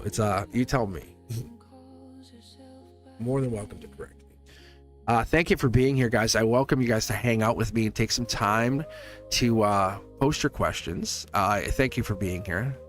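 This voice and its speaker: A man's voice: lowish voice, a little slow, pauses often, soft background music. A man reading tarot on a livestream, talking to his viewers in a loose, rambling way with frequent chuckles. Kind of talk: casual livestream chat.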